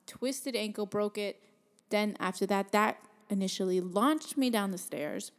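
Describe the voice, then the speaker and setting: A young adult woman telling a personal story in a casual, blunt way, swearing freely and getting animated. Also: mid-range voice.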